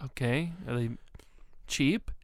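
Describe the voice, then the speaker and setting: A man's voice: mid-range voice, takes it slowly, no echo. A man co-hosting a podcast, reacting to his partner's stories with disbelief, laughter and mock disgust. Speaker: podcast co-host. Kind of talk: casual chat.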